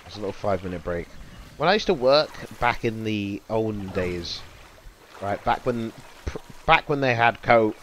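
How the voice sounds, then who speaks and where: A man's voice: fairly low pitch, expressive, moderate pace, slight background noise. A young man livestreaming, chatting casually and rambling to his viewers in loose slang. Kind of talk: casual chat to stream viewers.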